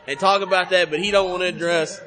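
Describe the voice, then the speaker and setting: A man's voice: high voice, fairly even intonation, quick pace, sharp tone. A man hosting a casual podcast interview at a convention, who hypes up his guest and plugs his show. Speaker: podcast host. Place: busy convention hall.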